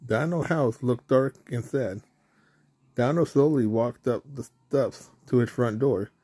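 A man reading a children's storybook aloud in a mellow, mid-pitched voice. His pace is unhurried and plain, with now and then a small slip or restart. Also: breathy edge, dry recording. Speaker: storybook reader.

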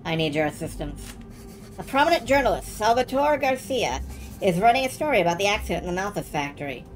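A woman voicing a grave, mysterious ghost in a video game, reading slowly. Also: mid-range voice, big pitch swings, natural voice. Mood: solemn. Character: solemn mysterious ghost, all-knowing.

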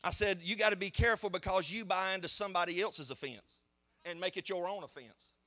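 A man, a pastor preaching a sermon in a church in an animated, conversational storytelling way. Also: sits high, brisk. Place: church sanctuary.

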